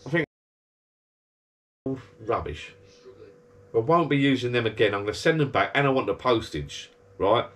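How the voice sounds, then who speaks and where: A man's voice: mid-range voice, expressive, moderate pace, long pauses, fairly bright tone. A man, rambling and grumbling in a casual monologue from his backyard garden bar. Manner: chatty, grumbling rant. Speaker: vlogger.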